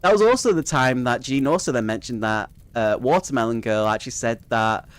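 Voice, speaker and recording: A man's voice: medium pitch, a little fast, clean tone, no echo. A young man casually telling a rambling personal story, swearing freely and laughing at it as he goes. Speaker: streamer.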